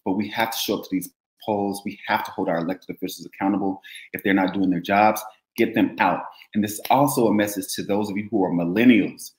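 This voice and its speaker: A man's voice: lowish voice, fairly even intonation, fast, roomy sound, poor audio. A man making an impassioned call to action in casual podcast talk, driving his points home with repeated rallying phrases. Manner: emphatic, repetitive rallying calls. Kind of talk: impassioned political commentary.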